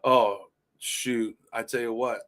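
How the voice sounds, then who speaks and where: A man's voice: mid-range voice, fairly even intonation, takes it slowly, fairly bright tone. Rambling, profane man chatting casually. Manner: rambling storyteller, profane, leans on "you know". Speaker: fill-in podcast co-host. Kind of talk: casual chat.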